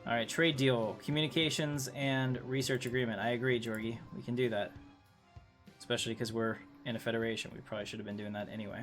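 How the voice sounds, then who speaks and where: A man's voice: medium pitch, fairly even intonation, fast, fairly bright tone, soft background music. A man casually commenting on his strategy game livestream, thinking aloud, reading game text and chatting with viewers. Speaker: streamer playing a strategy game.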